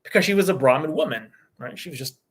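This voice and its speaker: A man's voice: a little high, quick pace, husky. Male meditation teacher, easygoing storyteller, loose conversational dharma talk. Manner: relaxed, loose, with many "you know" and "right?" tags.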